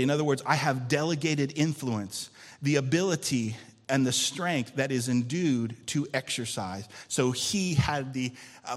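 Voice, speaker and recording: A male pastor delivers a sermon to his congregation in a church. His voice sits at a middle pitch and swings from loud, emphatic calls to quiet, intense passages, and he prompts the room for amens. A long reverb from the large hall trails each phrase. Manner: preaching with rising and falling intensity, calling for amens. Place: church sanctuary.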